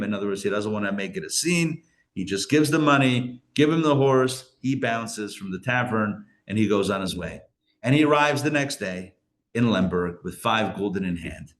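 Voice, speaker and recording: A man, a rabbi, telling a story in a casual live class, chatty and acting out the characters' lines with lively jumps in his voice. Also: fairly low pitch. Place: live class in a community center.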